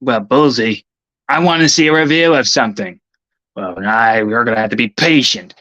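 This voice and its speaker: A man rambles through a casual livestream, cursing and grumbling half to himself. His voice sits at an ordinary middle pitch. The sound is dull and lo-fi and completely dry. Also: normal speed, bright, forceful tone, dry recording. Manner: profane, irritable, muttering to himself. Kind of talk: rambling casual stream talk.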